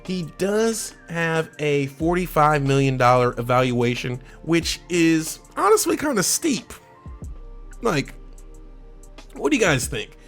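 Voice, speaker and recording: Soft music plays behind a sports channel host as he leads a relaxed chat about football transfers. His voice is on the high side and he speaks slowly, yet he stays animated and slangy, laughing a lot and quizzing the fans directly.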